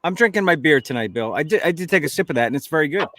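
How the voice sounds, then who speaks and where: A man's voice: on the high side, lively intonation, rapid-fire, fairly bright tone. A man hosting a casual chat over drinks, rambling and correcting himself as he talks. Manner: chatty, rambling, self-correcting. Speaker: show host.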